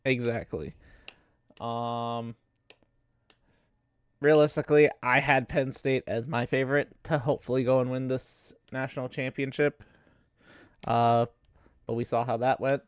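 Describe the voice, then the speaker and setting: A man's voice: medium pitch, fairly even intonation, measured pace, long pauses, smooth, no room sound, studio quality. A man hosting a casual sports podcast, rambling with fillers and swearing, with a cough. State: has a cough. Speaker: podcast host.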